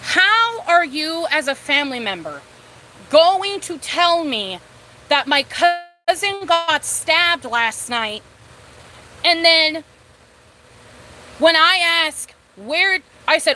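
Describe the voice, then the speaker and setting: A woman's voice: high-pitched, expressive, a little slow, bright, forceful tone, a little hiss or hum. A woman doing a casual live-stream as a tarot reader, talking bluntly, swearing freely and repeating herself when irritated.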